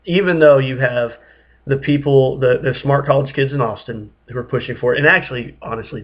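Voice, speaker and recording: A man co-hosting a podcast, laid-back and wry, hesitant as he talks. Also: medium pitch. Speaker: podcast co-host. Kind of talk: casual podcast chat. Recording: dull lo-fi sound.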